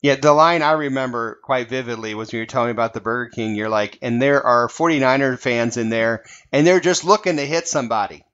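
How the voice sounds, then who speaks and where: A man hosting a casual fan podcast, talking in an animated way and laughing readily. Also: mid-range voice, fast, few pauses. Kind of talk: casual chat. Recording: dull lo-fi audio.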